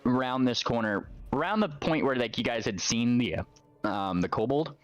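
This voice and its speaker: A man's voice: medium pitch, expressive, moderate pace, dry recording, dull audio, faint music behind. A man narrating as game master in a tabletop game stream, rambling with lots of fillers and restarts.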